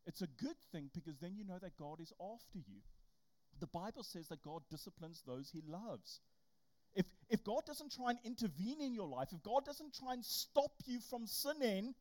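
A young adult preacher giving a casual, conversational sermon and acting out quotes. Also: medium pitch. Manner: conversational, animated, acts out quotes. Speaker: youth camp preacher.

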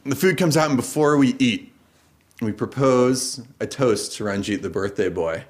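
An American man at a middle pitch tells a true story aloud, loose and chatty. He keeps slipping into laughter as it gets absurd. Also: normal speed. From United States. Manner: casual, laughs through the funny parts. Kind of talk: personal story told live.

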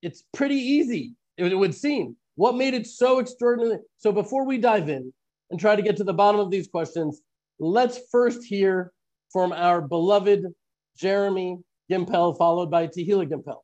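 A man's voice: sits high, moderate pace, darkish tone. A man hosting a live online Bible teaching, posing earnest questions to his listeners.

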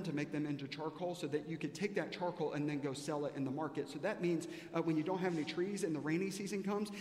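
A man's voice: fairly high pitch, a little mellow. Man preaching in an echoey church. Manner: storytelling, emphatic, with pauses and fillers. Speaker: pastor. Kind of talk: sermon. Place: large church sanctuary. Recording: echoey church hall with long reverb.

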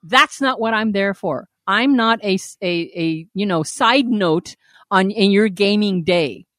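A woman co-hosting a podcast, telling a story in a lively, profane way and acting out the quoted lines. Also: medium pitch, a little slow, no echo, studio quality. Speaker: podcast co-host. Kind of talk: casual podcast chat.

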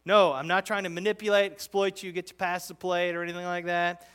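Bright-voiced, high-pitched male preacher. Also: fairly quick, smooth. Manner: conversational preaching, emphatic and animated, with frequent restarts. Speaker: pastor. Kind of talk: expository sermon.

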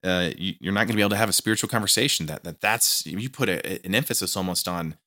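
Low-voiced bright man hosting a podcast. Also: fast, no echo, clean studio sound. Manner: enthusiastic, repetitive restarts, stammering on words. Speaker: podcast host. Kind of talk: interviewing guest in casual chat. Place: small studio room.

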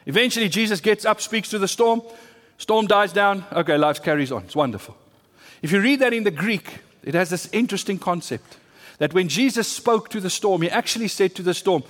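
A male pastor preaches in a high, light, fairly bright voice, expressive and fairly quick. He hammers his points through emphatic repetition and rising bursts of intensity, and a long reverb lingers on his words.

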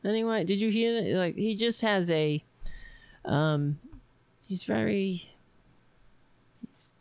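A woman hosting a live stream, chatting casually in a rambling, halting way, reading viewer comments. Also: mid-range voice, a little mellow, smooth, no room sound. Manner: rambling, halting, laughs often, chatty with cats. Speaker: livestream host.

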